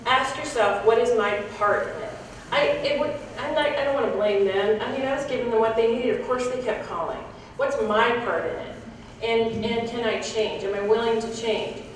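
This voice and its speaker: A woman's voice: on the high side, slight background noise. A woman giving a frank, reflective talk to a conference audience, with small restarts as she goes. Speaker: conference speaker. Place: large conference hall. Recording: echoey hall, picked up from a distance.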